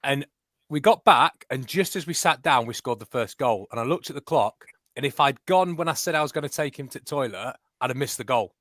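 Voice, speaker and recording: A man's voice: medium pitch, lively intonation, a little fast, fairly bright tone, dry recording. Eager anecdote-telling man, dry sound. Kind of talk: casual football chat.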